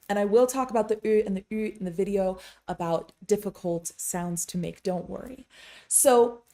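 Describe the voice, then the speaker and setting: A woman with a warm, mid-range voice gives a casual language lesson to camera, chatting away with wry asides. She is a Tibetan language teacher and interpreter whose first language is English, and she slows down to demonstrate crisp vowels while teaching pronunciation.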